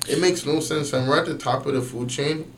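A young man telling a story in casual podcast chat, slangy and animated, swearing often and using lots of fillers. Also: on the high side, fairly quick, a little hiss or hum. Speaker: podcast guest.

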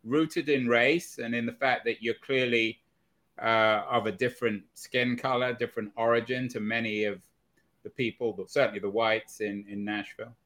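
A man's voice: medium pitch, steady tone, moderate pace, a bit bright. A man hosting an interview, asking pointed, probing questions about experiences with bias. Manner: probing questions, occasional stumbles. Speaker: interviewer host. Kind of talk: interview conversation.

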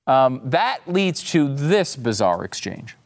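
Mocking man with lively pitch. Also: slow pace. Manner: mocking, incredulous, mimics voices. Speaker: podcast host. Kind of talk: opinionated commentary.

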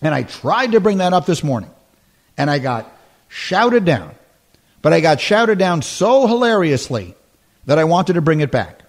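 Sports radio guy hosting, pushy emphatic delivery, slightly high pitched. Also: big pitch swings, normal speed. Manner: emphatic, repeats his points.

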